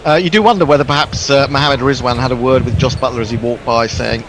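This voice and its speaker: A man's voice: mid-range voice, fast talker, noisy background. Chatty man co-commentating on cricket. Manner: musing, chatty, hesitant with fillers. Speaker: co-commentator reading listener messages. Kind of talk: live sports commentary chat.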